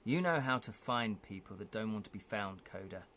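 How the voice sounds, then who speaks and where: A man's voice: on the low side, animated, normal speed, a bit bright, voice pushed down. A man reading a guarded, weary businesswoman. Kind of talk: reading a gamebook aloud.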